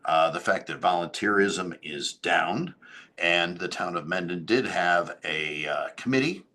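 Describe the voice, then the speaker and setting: In a low voice that sounds pushed and bright, a town supervisor gives an update on local government matters. He stumbles along with many fillers, often correcting himself.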